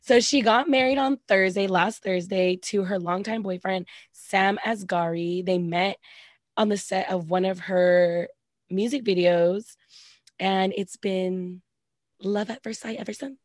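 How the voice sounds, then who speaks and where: Woman co-host, casual gossip, animated delivery, dry mic. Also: medium pitch, unhurried, no room sound. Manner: animated, says "like" a lot, acts out quoted reactions. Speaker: podcast co-host. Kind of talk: casual celebrity gossip chat.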